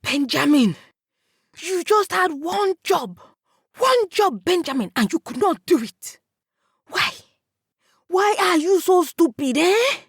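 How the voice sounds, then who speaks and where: A woman's voice: a little high, lively intonation, brisk, pauses often, husky, no room sound, studio quality, voice pushed up. A woman voicing an angry, hot-tempered young man, a big brother who scolds and stutters when upset. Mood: furious.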